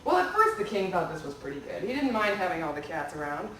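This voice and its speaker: A woman's voice: on the low side, fast, a little hiss or hum. A woman storyteller in a library, telling a folktale to children and asking them questions. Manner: animated, asks the audience questions. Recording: echoey room from far off.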